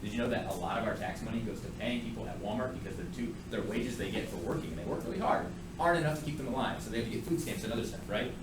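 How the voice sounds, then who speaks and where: A man teaches a math class at a racing clip with few pauses, his medium-pitched voice sounding roomy over heavy noise. He keeps things lively, cracking jokes and tossing asides to his students throughout the lecture.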